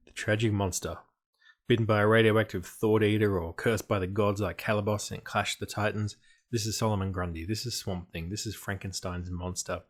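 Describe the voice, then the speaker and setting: Wry, emphatic man explaining game design. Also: low-pitched. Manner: emphatic, dry and wry, with playful asides. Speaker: tabletop game design presenter.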